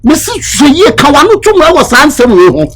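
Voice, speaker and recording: A man acting in a comedy sketch, scolding loudly and switching between English and Twi. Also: extremely high pitch, sing-song, a little fast. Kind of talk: scripted comedy skit.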